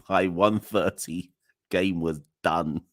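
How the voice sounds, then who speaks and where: A young man with a very low, deep voice hosts a live solo podcast, speaking extremely slowly with fairly even intonation and a slightly bright tone. He's close to a dead-sounding mic in a dry recording, ranting wearily and in exasperation, sighing and laughing wryly.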